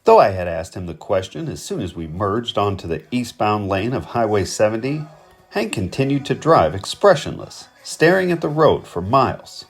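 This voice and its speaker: Husky man narrating a novel. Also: fairly low pitch, moderate pace, faint music behind. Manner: vivid, expressive storytelling. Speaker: audiobook narrator. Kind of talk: first-person novel narration.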